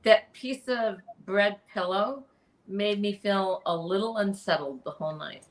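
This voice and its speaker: A woman co-hosts a live comedy podcast in loose, silly banter. She speaks at an unhurried, drawn-out pace and wanders from thought to thought. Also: mid-range voice. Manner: rambling, playfully silly. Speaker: podcast co-host. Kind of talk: casual comedic chat.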